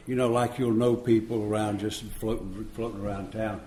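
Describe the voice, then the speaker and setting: Warm in tone but flat in delivery, a fairly low-voiced man in his 70s speaks at a normal speed about his recovery to a meeting room. He's folksy, chuckles, and acts out the dialogue; the roomy live recording has slight background noise.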